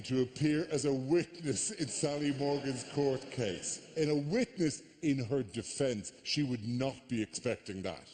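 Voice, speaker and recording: An Irish man doing live stand-up comedy on a theatre stage, telling stories with animated mock outrage. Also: medium pitch, a little slow, few pauses, a little hiss or hum. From Ireland. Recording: live theatre with long reverb.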